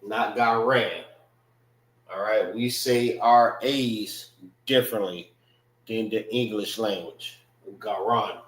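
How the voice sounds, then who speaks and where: A man's voice: fairly low pitch, takes it slowly. A man teaching a language class, drilling pronunciation syllable by syllable in a loose, conversational way. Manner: loose, conversational phrasing with frequent "know what I mean". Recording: roomy echo.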